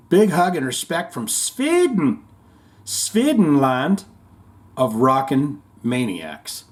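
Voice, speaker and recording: A man hosting a casual talk show about heavy metal, reading viewer comments aloud in a lively, jokey way with casual swearing. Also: fairly high pitch. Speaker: host.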